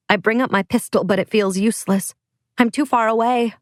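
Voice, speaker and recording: A woman's voice: medium pitch, steady tone, moderate pace, no echo. A woman with a mid-range voice narrates an audiobook in the first person, pressing forward with urgency. The recording is close and dry, with no trace of a room.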